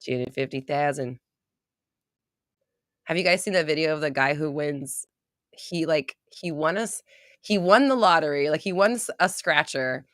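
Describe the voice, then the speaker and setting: A woman's voice: deep voice, vocal fry, no echo, clean studio sound. A young woman hosting a casual live stream, chatting, laughing often and reading viewer comments aloud. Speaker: livestream host.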